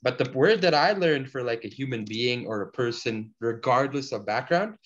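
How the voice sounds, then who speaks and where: Relaxed male language teacher. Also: mid-range voice. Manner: slow deliberate pronunciation drills, casual fillers. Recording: dull lo-fi sound.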